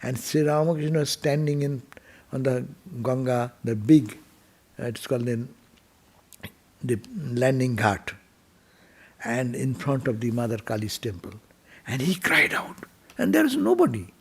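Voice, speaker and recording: Gravelly, husky man giving a sermon. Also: mid-range voice, animated, a little slow, long pauses. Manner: gentle storytelling, rhetorical questions, speaks softly. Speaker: monk giving a temple talk. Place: temple.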